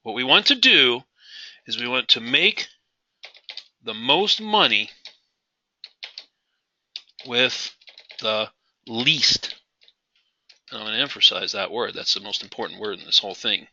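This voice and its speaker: A man's voice: medium pitch, expressive, measured pace, long pauses, bright, forceful tone, dull audio, a little hiss or hum. A man teaching a live trading class, emphatic, repeating key phrases and asking his audience questions. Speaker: trading instructor.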